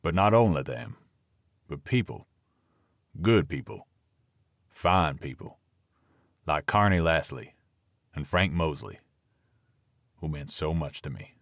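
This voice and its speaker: A man voicing an older Southern football coach, speaking in a thick Southern drawl with a halting mumble. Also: very deep voice, sing-song, dry recording, clean studio sound, heavily acted. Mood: grateful.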